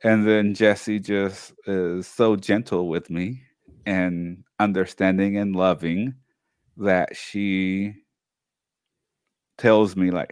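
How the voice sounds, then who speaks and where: A man co-hosting a talk show, telling a personal story in a casual, animated way and acting out the family members he quotes. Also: low-pitched, slow, clean tone, no echo, clean studio sound. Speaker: co-host.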